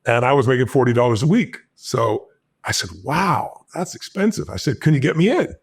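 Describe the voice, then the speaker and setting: A man in his sixties, from the United States, telling a personal story as a podcast guest and acting out the dialogue with jumps in pitch. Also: animated, a little fast. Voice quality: gravelly, husky voice.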